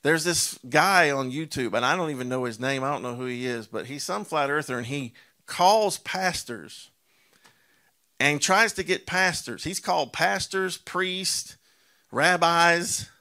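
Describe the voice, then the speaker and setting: A man preaching with a sharp, somewhat high voice. He leans hard on key words and stretches them out, firing rhetorical questions at his listeners. His delivery is animated and emphatic throughout. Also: measured pace. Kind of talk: sermon.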